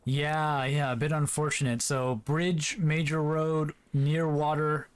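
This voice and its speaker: Casual male game commentator, slightly high. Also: level tone, slow, smooth. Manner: easygoing, chatty, with frequent fillers. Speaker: esports commentator. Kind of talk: play-by-play commentary.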